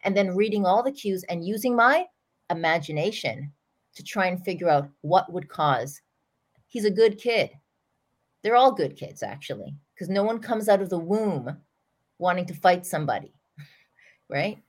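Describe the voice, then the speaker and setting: A middle-aged woman, a parenting coach, talking through an example in an earnest, animated way as a podcast guest. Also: on the low side, moderate pace. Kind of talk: storytelling explanation in an interview.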